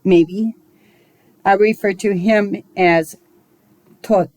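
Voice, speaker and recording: Slow, low-voiced woman teaching. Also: darkish tone, no room sound, low-quality recording. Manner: slow, measured and musing, with small digressions. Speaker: spiritual teacher. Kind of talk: recorded esoteric lesson.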